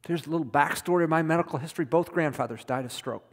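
A man's voice: a little high, quick pace. A middle-aged man preaching a sermon as a pastor, emphatic, repeating words for stress. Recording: long reverb of a hall.

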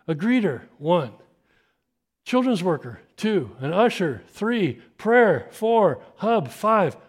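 A man's voice: high voice, very animated. A man preaching a sermon, telling an imagined story and acting out the people in it. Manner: storytelling, acting out scenes in quick voices.

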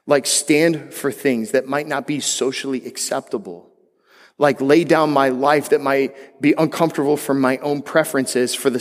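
A man preaching a sermon in a conversational way, mixing jokes with emphatic, rising passages. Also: mid-range voice. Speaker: pastor. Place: church hall. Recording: long hall reverb.

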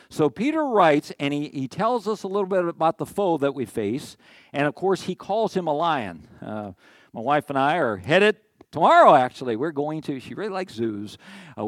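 A man's voice: a little high, no echo. Folksy pastor in his sixties, dry sound. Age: 60s. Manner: folksy, rambling, with jokes and asides. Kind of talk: sermon.

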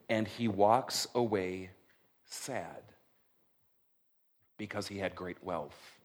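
A middle-aged male pastor preaching a sermon in an animated, conversational way, often checking in with his listeners. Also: mid-range voice. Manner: conversational, animated, frequent "right?" check-ins.

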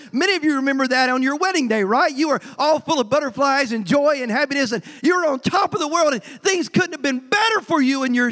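A very high, slightly bright voice belongs to a man preaching a folksy sermon in a church sanctuary. Long hall reverb surrounds him as he trips over repeated words and performs the quotes.

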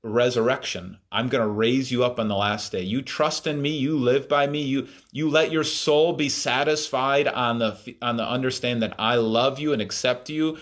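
A man's voice: medium pitch, steady tone, normal speed, hardly any pauses, a bit bright. Man preaching through a scripture passage. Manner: thoughtful, many fillers and restarts. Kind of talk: sermon, reading and explaining scripture.

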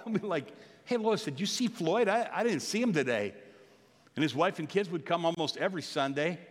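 Storytelling pastor in a reverberant hall. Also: male voice, fairly high pitch. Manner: storytelling, jokey asides, animated swings in volume. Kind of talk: sermon. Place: church sanctuary.

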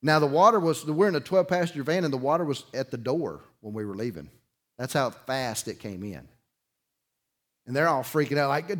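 A middle-aged man, preaching a sermon through a folksy personal story, swinging between loud bursts and quiet emphasis. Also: mid-range voice, fairly quick. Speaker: pastor.

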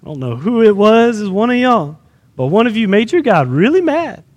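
High-voiced preacher guy, animated, acts stuff out, big echoey hall. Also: moderate pace. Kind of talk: sermon.

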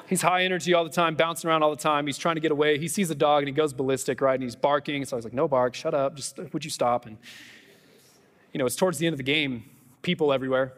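A man preaching a conversational Easter sermon as pastor, animated, with self-deprecating humor and quick asides. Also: a little high, in a large hall. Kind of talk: Easter sermon with personal stories. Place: church sanctuary.

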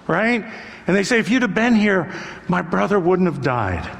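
A man's voice: high voice, sing-song, normal speed, creaky, a little hiss or hum. An older man preaching a sermon as a pastor, earnest and conversational, repeating phrases for emphasis. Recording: long hall reverb.

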